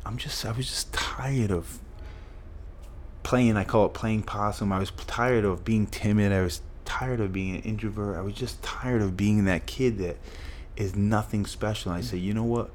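Brief: middle-aged man, very low voice, earnest storyteller, faint hiss behind. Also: steady tone, moderate pace. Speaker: guest. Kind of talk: storytelling in a podcast interview.

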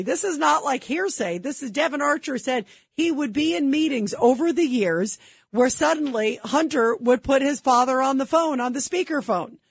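A woman's voice: high voice, no room sound. A woman hosting a talk radio show, delivering an emphatic, indignant political commentary monologue full of rhetorical questions.

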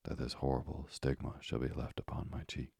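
A man in whispered role-play voicing a calm, firm, devoted young wife in a breathy whisper. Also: rumbling low, a little fast, no room sound, clean studio sound, full character voice. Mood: firm hushed.

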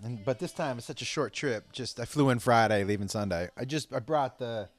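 A man telling a rambling, profane story to his listeners in a casual way, with sudden loud outbursts. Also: medium pitch, fairly quick, no room sound.

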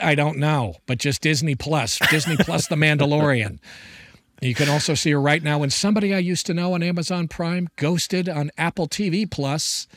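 A man's voice: fairly high pitch, a bit bright, no room sound. A middle-aged man co-hosting a podcast in casual chat, playful and jokey with theatrical asides. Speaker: podcast co-host.

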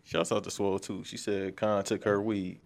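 A man's voice: deep voice, flat delivery, moderate pace, creaky. A man from Southern California, a guest on a podcast, cracking laid-back jokes in casual chat.

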